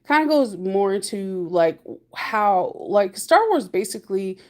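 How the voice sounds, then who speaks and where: A woman's voice: medium pitch, expressive, measured pace. Woman rambling on in a casual vlog from the car, lots of laughing, acts stuff out. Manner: chatty and rambling, laughs often, acts out stories. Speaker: vlogger. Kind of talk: casual chat.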